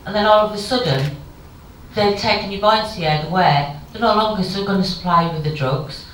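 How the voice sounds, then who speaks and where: A woman's voice: mid-range voice, a little fast, a bit bright, a little hiss or hum. A woman in her fifties giving a frank, emotional conference speech with wry humour. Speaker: keynote speaker. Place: conference hall. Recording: very echoey hall, far from the mic.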